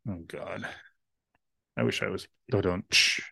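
A man's voice: deep voice, expressive, measured pace, vocal fry, bright, forceful tone, breathy edge, no room sound. A man co-hosting a podcast, trading crude jokes and swearing freely in casual banter. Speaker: podcast co-host.

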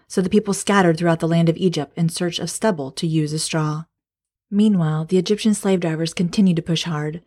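A woman leads a devotional Bible study, reading scripture aloud and talking it through with her listeners, whom she calls her friends. Her voice sits low, with a dark, mellow tone. She sometimes drops to a whisper to stress a point. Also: steady tone, quick pace. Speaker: Bible study podcast host.

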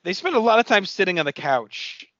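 A man with a bright, forceful voice pitched a little high, co-hosting a podcast in loose, easygoing chat. He recaps scenes in a relaxed way and fills his talk with "like" and "um." The sound is dry and a bit dull and lo-fi. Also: a little fast, no room sound. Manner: relaxed, filler-heavy storytelling. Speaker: podcast co-host. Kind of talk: casual chat recapping a TV episode.

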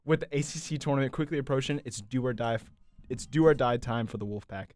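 A young man reads a quick sports roundup in an upbeat, wry way. His voice sits at an ordinary middle pitch. The sound is dry and close, with no room around it. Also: a little mellow, dry recording, soft background music. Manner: upbeat, reading briskly with wry asides. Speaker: sports news segment host. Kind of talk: scripted news roundup on a podcast.

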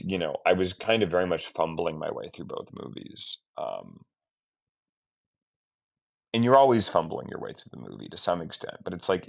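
A man who is a film director, giving a candid, reflective interview with halting speech, many restarts and trailing-off phrases. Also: low voice, gravelly. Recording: dull lo-fi sound.

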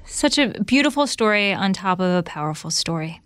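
Woman podcast host, warm-toned listener, brief encouraging interjections. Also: medium pitch, expressive, fairly quick, smooth, no echo. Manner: supportive, short affirmations.

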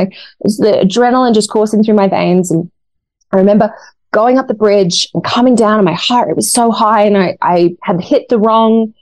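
A woman's voice: medium pitch, darkish tone, no echo. A woman in her thirties, a guest in an interview, telling a personal story in an earnest, emotional way. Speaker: guest, actress. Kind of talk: casual interview talk.

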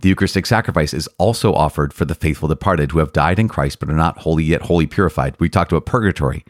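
Deep-voiced earnest priest teaching. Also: male voice, fast talker, no room sound, studio quality. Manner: earnest, enthusiastic, with frequent restarts and repetitions. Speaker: priest podcast host. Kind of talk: catechism commentary.

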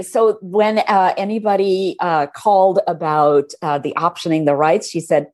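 A woman author being interviewed, who tells her stories in a warm, animated way. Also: lowish voice, normal speed, few pauses. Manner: warm, storytelling, animated when recalling moments. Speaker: author and guest. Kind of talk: conversational interview.

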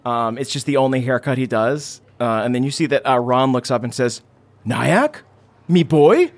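This game master guides a tabletop session with easygoing narration peppered with fillers. His mid-range voice moves briskly.

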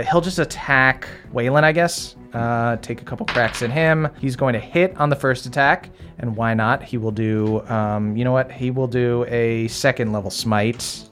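Laid-back man running a tabletop game. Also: mid-range voice. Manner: casual, rambling, many fillers and laughs. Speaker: game master.

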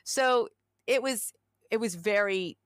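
A middle-aged woman co-hosting a podcast, chatting casually and telling an animated story while acting out the quotes. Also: on the high side, takes it slowly, clear, resonant tone, no room sound, clean studio sound. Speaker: podcast co-host. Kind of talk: casual chat.

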